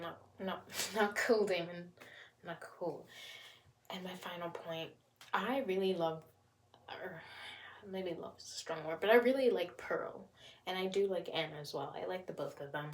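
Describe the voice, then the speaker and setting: A woman's voice: lowish voice, normal speed, a little hiss or hum. A woman chatting casually as a vlogger reviewing a TV series, rambling and repeating phrases for emphasis. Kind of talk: casual chat.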